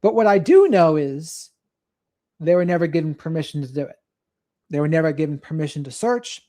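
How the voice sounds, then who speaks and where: Chatting casually late at night, a livestream host with a mid-range, slightly mellow voice reads viewer comments aloud. The talk often drifts into rambling asides.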